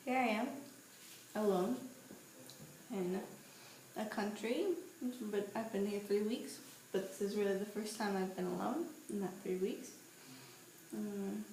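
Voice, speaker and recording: With a mid-range voice, unhurried delivery and long pauses, a twentysomething vlogger carries her camera down a street at night. She tells chatty, playful stories, and the audio is echoey with faint surrounding noise.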